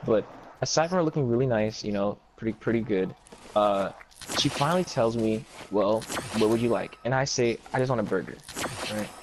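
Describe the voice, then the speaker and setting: In a rough recording with a faint background hiss, a man with a somewhat low voice rattles off a meandering, foul-mouthed tale at a fairly quick clip. The chat is laid-back, and he keeps switching between telling the story and voicing lines from its characters.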